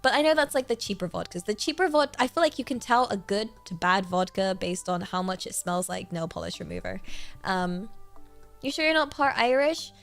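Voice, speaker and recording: A woman's voice: mid-range voice, animated, a little fast, creaky, fairly bright tone, faint music behind. A young woman from Britain, a streamer chatting casually in a bubbly, rambling, giggly way. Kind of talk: casual livestream chat.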